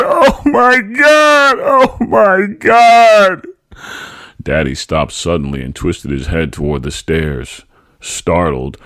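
In studio-quality audio with no room sound, a bass-voiced man narrates a family memoir on his podcast, dramatizing the story and loudly performing the quoted lines.

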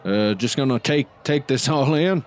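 A male player talks through his character's moves in a tabletop game, stopping often for uh's. His voice is smooth and clean throughout. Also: medium pitch. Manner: halting, with many uh's. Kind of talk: describing his character's actions.

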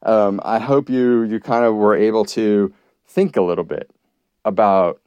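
Low-voiced man rambling on a podcast. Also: steady tone, unhurried, a little mellow, clear, resonant tone, no room sound. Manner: rambling, with many restarts and fillers. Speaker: podcast host. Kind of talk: casual monologue.

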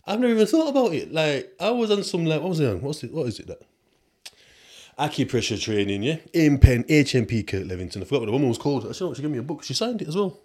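A man's voice: on the high side, very animated, quick pace, darkish tone. A young man from the UK, telling a rambling story in street slang on his podcast. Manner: chatty and rambling, street slang, asides to listeners. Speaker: podcast host. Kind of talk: casual storytelling monologue.

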